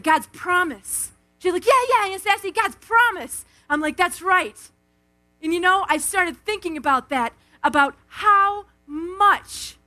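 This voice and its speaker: Speaking into a stage microphone at an outdoor Christian event, a woman with an extremely high voice gives an energetic devotional talk full of storytelling. She's animated, acting out quotes and calling on the crowd.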